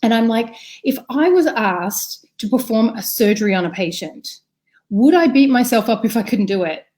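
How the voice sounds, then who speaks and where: A woman's voice: a little high, normal speed. A woman in her thirties, a nurse and mother, telling stories animatedly in a casual video-call chat. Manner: animated, storytelling with acted-out quotes. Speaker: guest, critical care nurse and mother.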